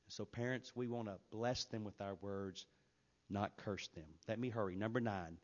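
A man's voice: fairly low pitch, fairly even intonation, moderate pace, highs cut off. Man preaching with emphatic swings. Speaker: pastor. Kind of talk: sermon.

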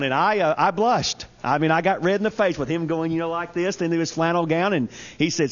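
A man's voice: fairly high pitch, fairly quick, few pauses. A man preaching a humorous, storytelling sermon to a church congregation. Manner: storytelling, folksy, animated. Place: church service. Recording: dull lo-fi sound.

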